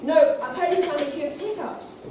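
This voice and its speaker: A woman's voice: sits high, lively intonation, a little fast, background noise. A woman playing a cheeky, cheese-loving comic sidekick, bantering with the audience on a theatre stage, heard from far back in an echoey hall. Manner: chatty audience banter, call and response. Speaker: comic actor. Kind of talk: pantomime stage acting.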